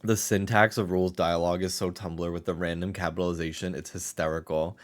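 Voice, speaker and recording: A young adult man chatting excitedly while streaming a video game, laughing often and swearing casually. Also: low voice, a little fast. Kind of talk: casual let's-play commentary.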